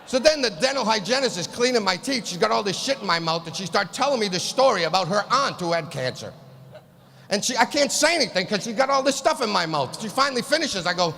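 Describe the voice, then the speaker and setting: A male comedian rants through his set with profane exasperation, his high voice bright and gravelly. His shouted punchlines ring out into the long reverb of a live hall over faint room noise. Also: animated, fairly quick. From East Boston. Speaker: stand-up comedian.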